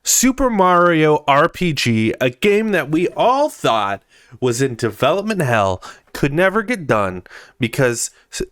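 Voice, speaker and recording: A man's voice: on the high side, very animated, unhurried, a bit bright, dry recording, clean studio sound. A young man hosting a podcast, chatting casually and enthusiastically about gaming news, with frequent fillers. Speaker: podcast host.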